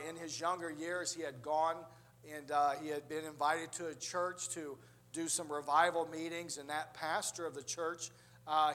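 Storytelling male preacher, higher-pitched. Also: fairly bright tone. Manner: storytelling, acting out quoted voices. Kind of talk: sermon.

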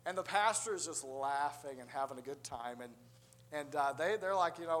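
Male preacher, slightly high voice, storytelling sermon with acted-out quotes. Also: lively intonation, moderate pace, a bit bright.

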